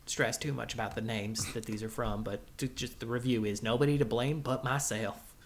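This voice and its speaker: A man's voice: medium pitch, fairly even intonation, moderate pace, a little hiss or hum, pitched below the performer's own voice, lightly acted. Brief: man doing a hammy, drawling cowboy outlaw, self-interrupting quiz host. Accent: put-on cowboy drawl. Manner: rambling, goofy, self-interrupting. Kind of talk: comedic podcast bit.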